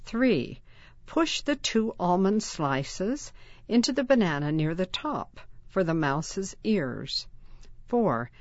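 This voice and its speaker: A woman reads aloud for young children, unhurried and with a lot of lift and fall in her voice. Her voice sits on the low side. The recording is dull and dry, with no room around it. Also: no echo. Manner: slow, expressive reading with lively sound words. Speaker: reader of a children's magazine. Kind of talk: read-aloud narration for children.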